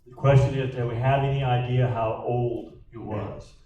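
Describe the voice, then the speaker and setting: In a church meeting room, a pastor leads a Bible study, repeating each question aloud before answering it. His voice is mid-range, steady, and at normal speed, and the muffled recording has a roomy echo from a distant mic.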